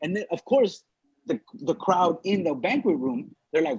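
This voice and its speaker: A comedian from Los Angeles telling a story in casual chat, animated and profane, acting out the people he quotes. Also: high-pitched, normal speed, vocal fry, breathy edge, dry recording. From Los Angeles, USA. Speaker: comedian podcast co-host. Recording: dull lo-fi dry sound.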